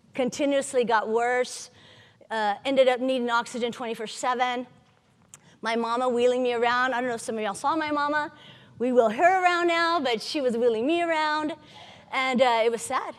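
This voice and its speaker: A woman with a fairly high voice tells her personal story to a conference audience, candid and lively, with flashes of humor. Her voice rings with the long reverb of a large hall. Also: moderate pace. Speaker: patient advocate speaker.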